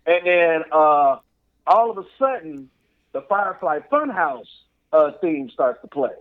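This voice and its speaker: A man with a high-pitched voice co-hosts a casual podcast. He tells stories with animated energy, acts out the voices and crowd chants, and fills his sentences with "like" and "all of a sudden.". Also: measured pace, no room sound, phone-quality sound. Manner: frequent "and then all of a sudden" and "like" fillers. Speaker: podcast co-host. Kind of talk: casual chat.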